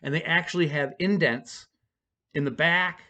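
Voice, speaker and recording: A man casually telling a personal story to camera, rambling and self-deprecating with halting restarts. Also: fairly high pitch, sharp tone.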